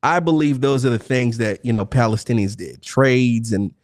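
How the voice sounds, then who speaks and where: A man hosts a heated online debate, blunt and full of swearing, pressing on over anyone who cuts in. His voice sits at an ordinary male pitch, and the sound is dry and close with no room around it. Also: moderate pace, no room sound. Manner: blunt, profane, talks over interruptions. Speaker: debate stream host.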